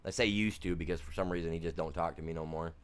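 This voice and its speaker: A man's voice: low voice, fairly even intonation, fast talker, clear, resonant tone. A man from the United States chatting casually on a game live stream, rambling through stories in a self-deprecating way.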